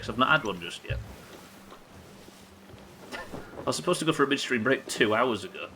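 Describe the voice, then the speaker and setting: A man's voice: fairly low pitch, lively intonation, brisk, long pauses, sharp tone, slight background noise, poor audio. A young man streaming a game live, teasing his chat with sarcastic, sweary banter. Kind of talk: live gameplay commentary and chat reading.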